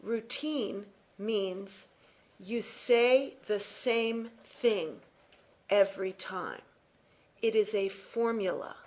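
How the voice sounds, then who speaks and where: A woman teaching an English class, explaining slowly and repeating key phrases. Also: medium pitch, a little mellow. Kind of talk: classroom lecture.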